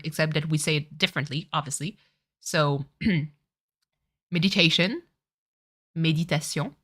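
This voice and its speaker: A French-speaking woman streamer chats casually over a game in a low, sharp-toned voice. Her let's-play commentary is giggly and apologetic, and she corrects herself often.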